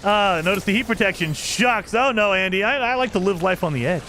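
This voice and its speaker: A man's voice: high voice, animated, brisk, sharp tone, a little hiss or hum. A man streaming a game live, chatting with his viewers and laughing often as he plays. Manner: chatty, laughs often, talks to chat while playing. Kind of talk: casual live-stream chat.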